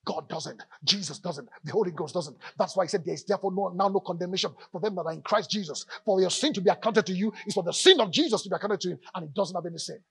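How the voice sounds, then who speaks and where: A male pastor preaching a lively sermon in church, calling out to the congregation and joking between points. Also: high voice, fast, gravelly, hardly any pauses, slightly rough, no room sound. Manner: animated preaching with audience call-outs and jokes.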